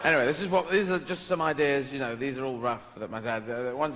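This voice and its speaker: Fast and a bit bright, with a steady tone and mid-range voice, a male comic performs a rambling, playful stand-up set full of mock-pompous asides. The live recording comes from a large venue, a big echoing hall that's noisy.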